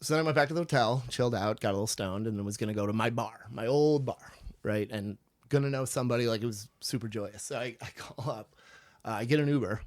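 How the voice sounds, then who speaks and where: A man's voice: medium pitch, fast. A middle-aged man from Chicago telling a long, rambling story on a podcast in a basement. He swears freely and acts out what people said.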